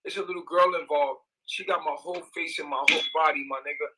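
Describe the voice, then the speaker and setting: A man's voice: fairly high pitch, fairly even intonation, quick pace, very noisy. A young man, ranting in an agitated, repetitive, profane livestream monologue.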